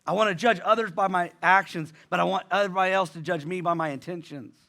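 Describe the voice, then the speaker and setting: Male pastor, high bright voice; conversational sermon delivery, repeats lines for emphasis. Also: fast talker, gravelly.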